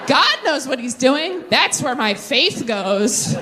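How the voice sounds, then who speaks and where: Young woman, stand-up comic, lively swooping delivery, slightly high voice, stage mic, faint room noise. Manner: animated, tangent-prone, quick asides to the crowd. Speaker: stand-up comedian. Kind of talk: stand-up comedy with crowd work. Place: comedy venue on stage.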